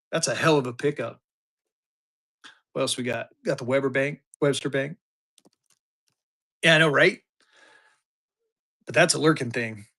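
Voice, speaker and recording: A man in his fifties, from Colorado, hosting a live-stream auction and chatting excitedly with his viewers, cursing now and then. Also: medium pitch. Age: 50s. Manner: excitable, chatty, mild cursing, hypes items to chat. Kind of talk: casual live-stream selling.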